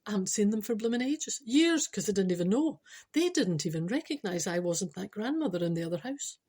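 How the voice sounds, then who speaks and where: A woman's voice: medium pitch, expressive, brisk, a little mellow, close to an everyday voice. A Scottish woman voicing a lonely, resigned little white-haired grandmother who mutters wistfully to herself. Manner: wistful, self-pitying muttering.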